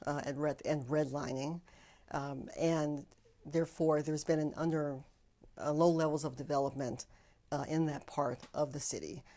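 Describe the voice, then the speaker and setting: A woman answering interview questions as an expert, speaking carefully and deliberately, pausing to rephrase. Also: deep voice, mellow. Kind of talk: measured academic explanation.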